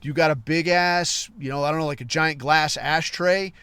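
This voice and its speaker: A man's voice: a little high, steady tone, normal speed, pushed and bright, clear, resonant tone, no echo. A man hosting a podcast, talking in a blunt, profane, casual monologue full of "like" and "right". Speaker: podcast host.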